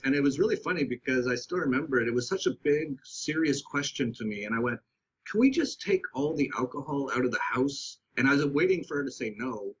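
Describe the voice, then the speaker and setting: Man, husky voice, reflective, halting, candid storytelling, dull lo-fi recording. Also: medium pitch, a bit bright. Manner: reflective, halting, with many restarts. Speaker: podcast guest.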